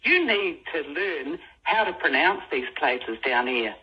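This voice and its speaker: A woman's voice: low-pitched, lively intonation, a little slow, husky, lo-fi sound. A woman from Southland with a New Zealand accent, arguing firmly as a radio caller. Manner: firm, indignant.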